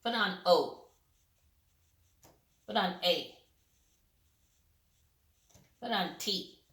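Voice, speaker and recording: A woman's voice: fairly low pitch, extremely slow, fairly bright tone, roomy sound. A woman teaching a young child to spell simple words, patient and encouraging, sounding out letters one by one.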